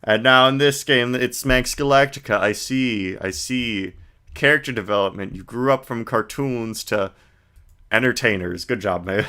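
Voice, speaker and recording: A man chats wryly as he plays through a video game on stream. His voice is bright and forward, with quick joking asides. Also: lowish voice. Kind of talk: let's play commentary.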